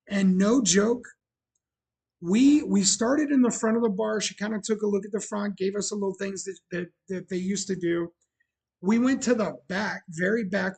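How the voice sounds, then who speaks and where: A man's voice: sits high, slightly rough. A man hosting his own livestream show, telling a rambling story in casual chat with many fillers and restarts. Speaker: bar owner and show host.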